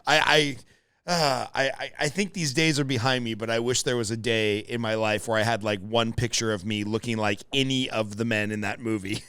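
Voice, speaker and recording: A male podcast host chats casually with a friend. His voice is smooth and resonant, and the recording is dry and close. He speaks openly about his affection and laughs easily. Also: medium pitch, steady tone, dry recording. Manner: warm, affectionate, quick to laugh. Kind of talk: casual conversation.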